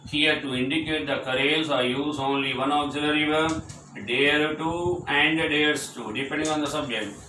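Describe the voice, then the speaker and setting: This is a grammar lecture where a man drills short English example sentences repeatedly and with emphasis. His voice leans high, steady and moderately paced, sounding pushed and bright. Slight background noise accompanies a distant mic in an echoey room.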